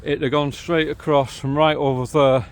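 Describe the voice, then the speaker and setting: A fairly high, flat-pitched voice at normal speed belongs to a middle-aged St Helens man guiding a railway walk. Filming outdoors on a handheld camera by the canals and old line, he narrates in a chatty, easygoing way, cheerful about what he sees locally.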